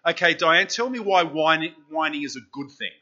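A man preaches in a church and keeps asking the congregation questions. His voice is bright and lively. The recording sounds dull and lo-fi. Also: fairly high pitch, fairly quick. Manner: chatty, asks the congregation questions. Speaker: pastor. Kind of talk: interactive sermon.

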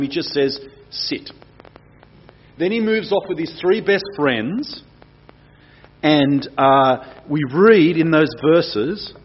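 A man preaching, reading scripture aloud and acting out the quoted lines with big swings in pitch and loudness. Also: breathy edge. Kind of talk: sermon with dramatic scripture reading. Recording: dull lo-fi sound.

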